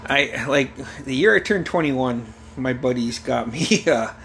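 A man's voice: medium pitch, measured pace, creaky, slight background noise. A man in casual chat, telling family stories with lots of laughter and swearing, acting out relatives' voices. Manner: animated storyteller who acts out family members' voices, swears and laughs often. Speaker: conversation partner.

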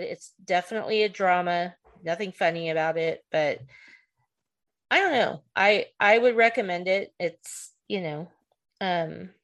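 A woman co-hosting a podcast in casual chat, talking chattily and rambling with lots of fillers while recounting a movie. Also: fairly low pitch. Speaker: podcast co-host.

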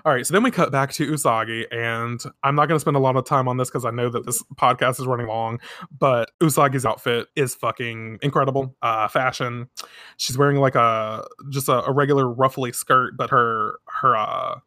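A man's voice: medium pitch, steady tone, normal speed, pushed and bright, dry recording, clean studio sound. A man hosting a podcast, recapping a comic in a profane, gossipy casual chat. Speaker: podcast host.

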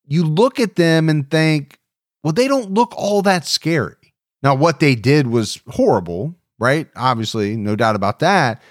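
A man's voice: a little high, no room sound, clean studio sound. A man co-hosting a true crime podcast, chatting animatedly and speeding through some phrases. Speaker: podcast co-host.

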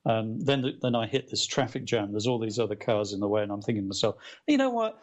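A middle-aged man who is a guest author, telling a story in casual conversation in a rambling, animated way with lots of fillers and restarts. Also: fairly low pitch, quick pace, dull audio.

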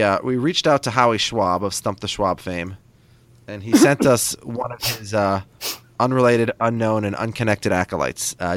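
A man's voice: on the low side, a bit bright. A man hosting a casual podcast, joking and going off on tangents. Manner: quick, joking, digressive. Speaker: podcast host.

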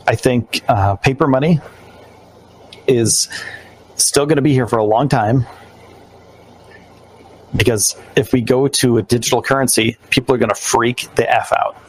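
Poor audio carries a mid-range male voice that's a little slow and pauses often. He's a New York podcast host in a casual live-stream chat, rambling along with fillers and loose restarts.

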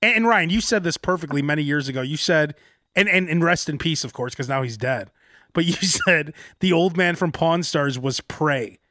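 A man co-hosting a casual wrestling podcast who laughs a lot and breaks into loud mock shouts. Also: a little high, normal speed, dry recording, clean studio sound. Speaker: podcast co-host. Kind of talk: casual chat.

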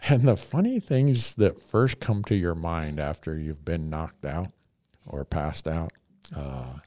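A man's voice: a bass voice, lively intonation, slow, dark tone, dry recording, clean studio sound. A man hosting a podcast, telling a rambling, self-mocking story in casual chat and chuckling often.

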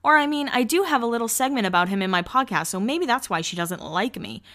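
A woman's voice: on the high side, fast. A young woman telling stories about her work and social life on her podcast, candid and blunt and swearing freely. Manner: candid, blunt and swearing, quotes people in lively voices. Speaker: podcast host. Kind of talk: casual storytelling monologue.

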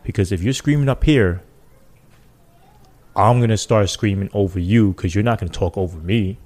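A man's voice: lowish voice, normal speed. A man who was a police officer, telling stories casually in an interview and acting out the people he quotes. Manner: animated, acts out quoted people with loose slang.

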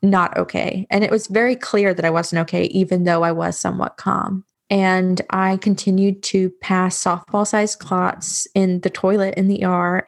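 A woman's voice: medium pitch, gravelly. A woman guest on an interview podcast, telling a hard personal story in a frank, matter-of-fact way with frequent fillers. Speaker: guest, bereavement doula.

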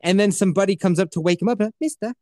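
A man's voice: sits high, racing, dry recording, studio quality. A man hosting a podcast, retelling a movie in a casual, profane way and slipping into voices. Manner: animated, profane, slips into voices. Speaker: podcast host. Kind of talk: casual movie recap chat.

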